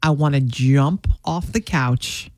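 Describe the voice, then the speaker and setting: A middle-aged woman co-hosting a radio show, chatting in casual banter, animated and quick to laugh. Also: very deep voice. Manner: animated, laughing, talks over her partner. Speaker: radio co-host.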